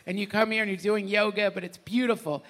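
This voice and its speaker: Bright-voiced man telling a story. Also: sits high, quick pace. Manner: animated, laughing, voice breaking with emotion. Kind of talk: emotional storytelling conversation. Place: retreat gathering with an audience.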